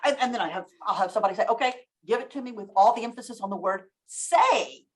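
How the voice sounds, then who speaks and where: A woman podcast guest telling lively stories in casual chat, acting out examples with strong emphasis. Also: mid-range voice, fast talker.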